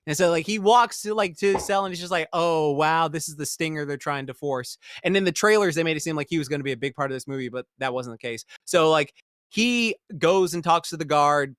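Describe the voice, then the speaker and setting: Casual podcast host, male, slightly high voice, profane and rambling, dry close sound. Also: fast, no room sound. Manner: profane, rambling, animated retelling with mocking quoted voices. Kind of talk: casual movie review chat.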